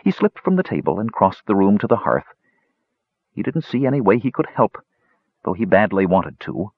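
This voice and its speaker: A man narrating a fantasy audiobook in a measured storytelling manner with animated phrasing. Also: sits low, slightly rough, dry recording. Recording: dull dry lo-fi recording.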